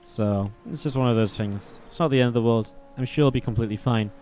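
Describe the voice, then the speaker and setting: A man's voice: mid-range voice, fast talker, a little mellow, slight background noise. Rambling, foul-mouthed male game caster. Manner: rambling and chatty, swears freely, many "like" fillers. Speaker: StarCraft caster and streamer. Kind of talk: casual stream chat over game commentary.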